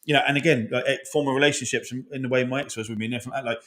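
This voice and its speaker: A man's voice: mid-range voice, fairly even intonation, rapid-fire, a bit bright. A man in his forties, an army veteran, talking openly and emotionally in a casual podcast chat, swearing often and rambling. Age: 40s.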